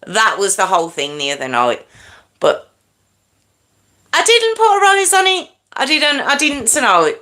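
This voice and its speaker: A woman's voice: high-pitched, wildly swooping pitch, a little slow, long pauses, bright, forceful tone. A woman hosting a casual livestream, chatting with viewers and apologising often, sometimes dropping to a whisper. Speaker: livestream host. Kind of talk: casual live chat with viewers.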